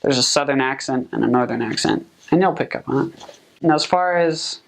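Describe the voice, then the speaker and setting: A young man, a returned missionary, giving relaxed, chatty advice full of fillers. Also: mid-range voice, normal speed, creaky. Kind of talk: casual advice talk.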